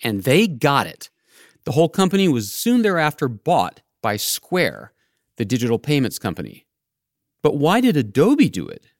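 A man's voice: mid-range voice, wildly swooping pitch, normal speed, no echo, clean studio sound. A man hosting a podcast, narrating his script in a wry, playful way. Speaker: podcast host.

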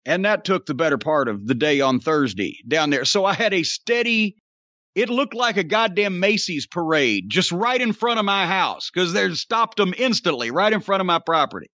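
Profane ranting older man, high bright voice. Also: sing-song, normal speed, no room sound, muffled recording. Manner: profane, ranting, sarcastic storyteller. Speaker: podcast host. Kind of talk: casual podcast rant.

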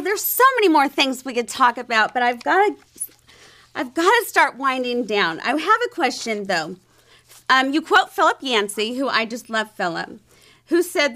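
A woman's voice: on the high side, pushed and bright. A woman hosting an interview, reflective, asking thoughtful questions and laughing easily. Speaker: host. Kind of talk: conversational interview.

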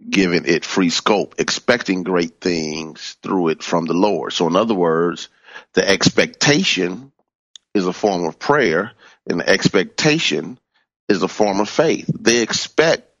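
Man preaching, very low voice, emphatic rising stresses, dull dry recording. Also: fairly bright tone, dry recording. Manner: emphatic, swoops up in pitch on key words, repeats phrases. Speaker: minister teaching from a book. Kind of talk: sermon-style teaching.

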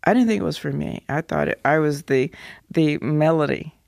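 A woman in her seventies, an actress being interviewed, telling stories in an animated way with halting restarts. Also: low voice, vocal fry, dry recording, clean studio sound. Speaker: actress guest. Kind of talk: interview storytelling.

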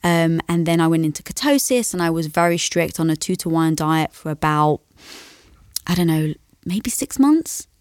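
A young adult woman as an interview guest, telling a personal story in a casual, animated way. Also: sits low, normal speed, clear, resonant tone, no echo, clean studio sound. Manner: animated storyteller who acts out quoted dialogue.

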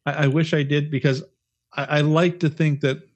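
Slightly high and flat in delivery, at normal speed, a male podcast co-host shares stories in easygoing conversation. He curses frequently, wanders, and keeps breaking off to start sentences over.

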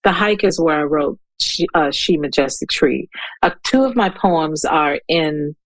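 A woman in her fifties talks slowly and haltingly, often starting over as she searches for the right words. Her voice sits a little low, and the sound is dry and close. She is a guest in an interview. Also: lively intonation, no room sound, low-quality recording. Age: 50s. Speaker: guest poet. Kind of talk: interview conversation with poetry reading.

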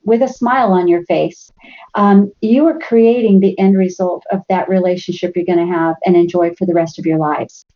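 A middle-aged woman telling lively family stories as a podcast guest, acting out the voices of her family. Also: on the low side, moderate pace, dull audio. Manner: animated storyteller, acts out family members' voices. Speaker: guest speaker. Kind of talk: storytelling in a podcast interview.

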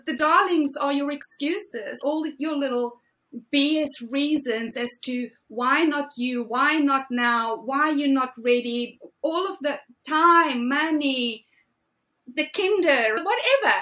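A woman in her forties, a guest coach giving emphatic, animated motivational talk. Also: high-pitched. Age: 40s. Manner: emphatic, animated, drawn-out phrasing.

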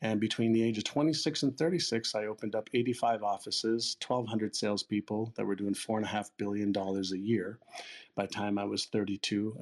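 Husky man in his sixties telling stories. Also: lowish voice. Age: 60s. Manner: lively retelling, acting out quoted dialogue, casual swearing. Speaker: interview guest. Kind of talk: storytelling in a conversation.

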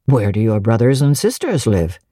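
A woman voicing a brusque, commanding middle-aged gentleman who questions curtly and gives orders. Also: a bass voice, sing-song, normal speed, slightly rough, no room sound, clean studio sound, heavily acted. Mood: imperious. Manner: curt, imperious questioning.

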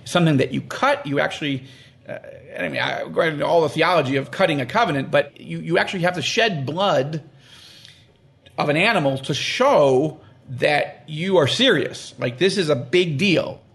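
Man, animated and emphatic, high lively voice with gravelly fry, explaining scripture in conversation. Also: normal speed. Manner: animated, acts out quoted prayers and God's words; emphatic, repeats phrases for stress. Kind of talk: conversational interview.

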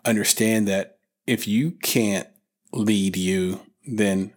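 A man's voice: lowish voice, steady tone, slow pace. A man hosting a podcast, asking questions in a loose, conversational way with fillers and restarts. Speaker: podcast host. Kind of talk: casual interview chat.

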